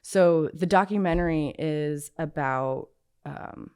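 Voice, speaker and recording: Low-voiced woman telling a story frankly. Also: slow, darkish tone, clean tone. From Southern California. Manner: frank and unfiltered, peppered with "like" and swearing. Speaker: interview guest. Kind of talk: recounting a personal story in casual conversation.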